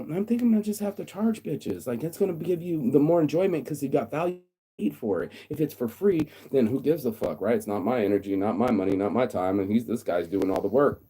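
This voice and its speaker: A man holds forth in a casual, profane rant, speaking bluntly and without filter. His voice is mellow and on the darker side, at a middle pitch for a man. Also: expressive, fairly quick, husky. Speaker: vlogger.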